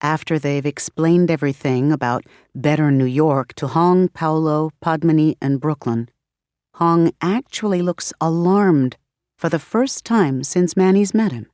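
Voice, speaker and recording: A woman narrating an audiobook in a steady, measured storytelling manner. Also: deep voice, no echo, studio quality. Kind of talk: scripted narration.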